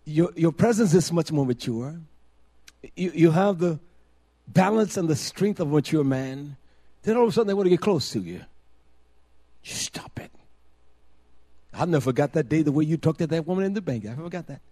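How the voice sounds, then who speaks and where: An older man delivers a sermon in a high-pitched voice. He tells quiet, rambling stories, then rises into loud, emphatic preaching, repeating single words for force. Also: animated, fast, breathy edge.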